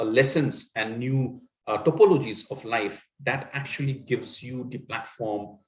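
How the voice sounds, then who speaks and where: An earnest middle-aged man with an Indian English accent gives a motivational coaching talk, often adding "right?" and "you know". His voice sits at an ordinary pitch for a man. The recording carries a noticeable roomy echo. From Assam, India. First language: Assamese. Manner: earnest, with many fillers and tag questions. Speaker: communication coach. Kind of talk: motivational talk answering a question.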